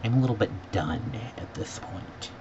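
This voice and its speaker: A man's voice: animated, normal speed. Exasperated man ranting about a trip. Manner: sarcastic, mimics airline staff in high voices. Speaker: vlogger. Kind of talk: exasperated travel rant. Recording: dull lo-fi audio with faint background noise.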